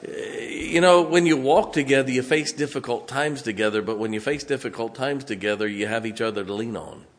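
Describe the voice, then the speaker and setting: A middle-aged pastor with a West Virginian accent delivers a sermon in a relaxed, folksy manner. His pitch sits in an ordinary middle range for a man, and he talks to the congregation as if telling stories to friends. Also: brisk. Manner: folksy, conversational preaching with asides and chuckles.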